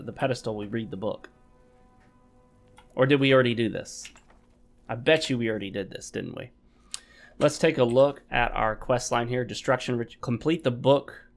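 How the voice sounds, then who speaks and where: Chatty man rambling over gameplay. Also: medium pitch. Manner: rambling, chatty, talks to viewers. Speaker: gaming channel host. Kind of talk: casual gameplay commentary. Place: home gaming desk.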